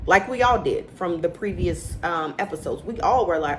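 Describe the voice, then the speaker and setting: A woman's voice: on the low side, moderate pace, hardly any pauses, a little hiss or hum, low-quality recording. Chatty opinionated woman recapping TV. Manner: chatty and opinionated, acts out quotes with animated inflection. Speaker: reality TV recap host. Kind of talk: casual recap commentary.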